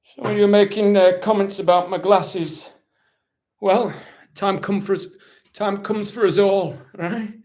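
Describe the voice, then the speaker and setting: In a live-stream Q&A, a male impressionist answers questions in character as a proud, weary, self-serving warrior-captain of a kingdom. His fairly high, darkish voice has fairly even intonation and takes it slowly. He's in a chatty mood, rambling in a dry, mock-solemn way and constantly justifying himself.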